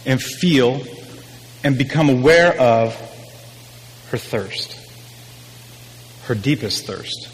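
A man's voice: medium pitch, big-room sound, poor audio. A man preaching a sermon in a casual, emphatic style, repeating his key phrases.

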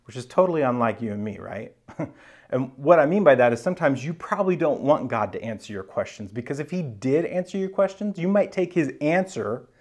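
A male pastor teaches a sermon in a relaxed, conversational way, slipping in slang and asides. His voice sits at an ordinary middle pitch. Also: fairly quick.

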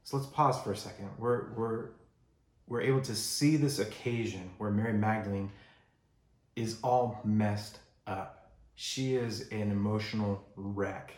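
A male pastor preaching a sermon in a relaxed, conversational way, acting out the voices he quotes. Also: on the low side, a little slow, roomy sound. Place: church sanctuary.

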